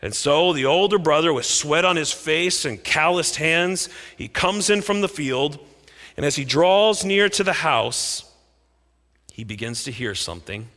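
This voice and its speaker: Bright, animated male preacher in a hall. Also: a little high, a little slow. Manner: expressive, dramatic storytelling with big swings in loudness. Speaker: pastor. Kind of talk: sermon. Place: church sanctuary. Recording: echoey hall reverb.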